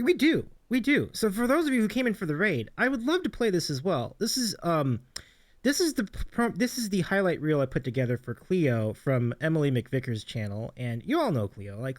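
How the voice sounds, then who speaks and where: A man's voice: a little high, very animated, fairly quick, no echo, studio quality. A man hosting a livestream, enthusiastically introducing clips and hyping them up. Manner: enthusiastic, hypes clips, many ums and restarts. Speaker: stream host.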